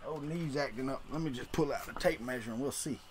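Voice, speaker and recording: Talking fast in a mid-range voice, a middle-aged livestream host chats aimlessly with his viewers while tinkering. The recording has a little hiss or hum.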